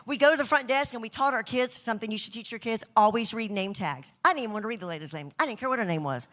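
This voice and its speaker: A woman telling a personal story in a church talk, swinging between loud bursts and soft, slow emphasis. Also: on the high side, animated. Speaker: speaker at church leadership event. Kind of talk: sermon-style storytelling.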